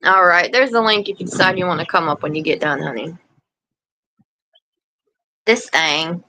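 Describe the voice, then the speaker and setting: A woman's voice: fairly low pitch, fast, pushed and bright, low-quality recording. A woman hosting a casual livestream, rambling chattily and breaking off to scold or coo at her dog outdoors. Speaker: livestream host. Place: outdoors in a yard.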